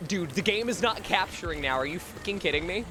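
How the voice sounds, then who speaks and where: A man's voice: sits high, expressive, brisk, music in the background. A male streamer chatting casually on a live gaming stream, swearing freely and repeating words over and over to test how to say them.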